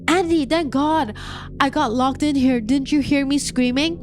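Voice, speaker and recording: A woman's voice: unhurried, soft background music. Woman doing a frightened, pleading young wife. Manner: high, urgent, pleading.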